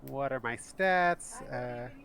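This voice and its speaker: A man's voice: mid-range voice, slow pace, gravelly, fairly bright tone. A man playing a tabletop game over an online call, eagerly announcing his moves. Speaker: player.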